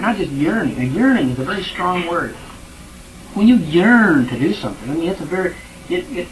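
Bible study teacher just talking it through with the class, middle-pitched voice, faint hiss behind. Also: low-quality recording. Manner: conversational, retells scripture in everyday words, checks in with the class.

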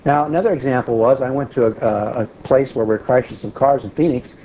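A man's voice: medium pitch, a little fast, muffled recording, slight background noise. A middle-aged man teaching an informal sermon to a small group, plain-spoken, repeating key phrases and asking listeners questions.

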